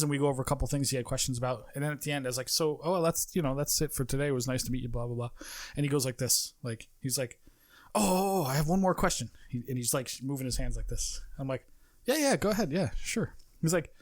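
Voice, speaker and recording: A man's voice: medium pitch, dry recording. A man co-hosting a podcast, telling stories in a chatty, casual way. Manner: chatty and laughing storyteller. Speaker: podcast co-host. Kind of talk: casual chat, storytelling.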